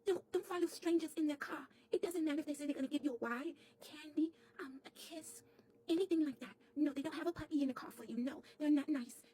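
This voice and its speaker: A woman's voice: high voice, fast, warm tone, lightly acted. A woman voicing a sweet, chatty little girl doll who stammers and repeats her words as she tells a comic story to camera. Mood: earnest.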